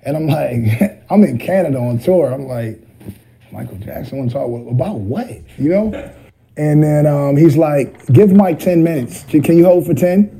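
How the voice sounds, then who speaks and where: Man, middle-aged, rambling casual storytelling, mellow dark tone, slightly high voice. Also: animated, normal speed, rough recording. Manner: rambling, lots of fillers, mimics voices. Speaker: rapper telling a story in an interview.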